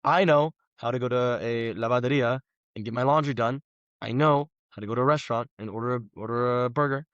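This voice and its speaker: A man, a guest telling animated, slangy stories on a casual podcast. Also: medium pitch, brisk, no echo, dull audio. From Los Angeles, USA. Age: 20s. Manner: animated storyteller, slangy, says "bro" often.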